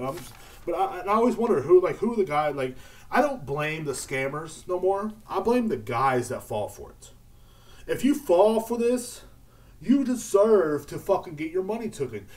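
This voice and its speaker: A man's voice: on the high side, a little mellow. A man hosting a casual solo podcast, rambling and swearing, with lots of filler words and restarts. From United States. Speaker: podcast host.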